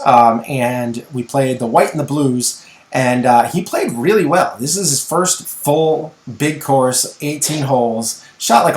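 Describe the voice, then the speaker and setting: A middle-aged man co-hosting a podcast, telling a story in casual, animated chat. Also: medium pitch. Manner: animated storyteller, acts out voices in anecdotes. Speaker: podcast co-host. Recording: echoey room.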